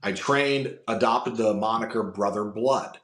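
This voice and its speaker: A man's voice: on the low side, a little slow, a bit bright. A man from Florida, a podcast guest, telling long personal stories in a rambling way, full of fillers and restarts. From Florida, USA. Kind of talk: casual storytelling chat. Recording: roomy echo.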